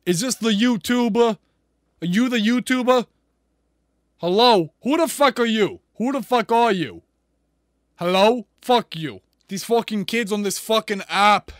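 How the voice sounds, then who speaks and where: A man with a high-pitched voice plays a brash comic persona on a random video chat. He curses freely and grills strangers one blunt question after another. The sound is dry and close, picked up by a computer microphone at a desk. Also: lively intonation, unhurried, no room sound. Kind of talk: prank video-chat comedy. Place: indoors at a desk.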